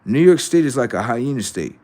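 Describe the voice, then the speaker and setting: A man hosting a livestream, rambling and cursing as he taunts his viewers, dropping to low mutters and then rising into loud, drawn-out jabs. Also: expressive. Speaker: livestream host. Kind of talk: casual livestream talk to chat.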